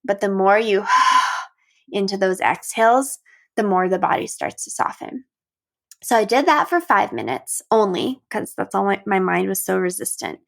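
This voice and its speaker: A middle-aged woman hosting a podcast, talking calmly and gently as she guides the listener through breathing practices. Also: medium pitch, moderate pace, creaky. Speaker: podcast host. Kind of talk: reflective solo podcast talk.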